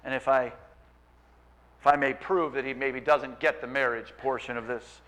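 A male pastor preaching a sermon in an animated, playful way, acting out voices of people and biblical figures. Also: medium pitch, normal speed.

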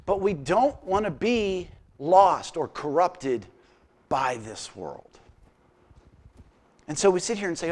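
A middle-aged pastor delivers a sermon with a high, lively voice that leaps across a wide range. He tells stories with humor and breaks into acted-out quotes. The delivery stays warm in its storytelling but keeps a clear point. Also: slow, pauses often.

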